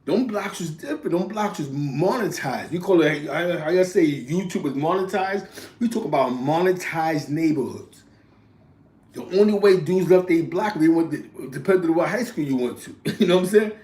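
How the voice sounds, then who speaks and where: A man's voice: a little high, lively intonation, moderate pace, a little mellow, roomy sound. A man from East Harlem with a New York accent, telling rambling street stories in casual slang, often tagging lines with "you know what I'm saying" and a laugh. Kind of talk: casual storytelling.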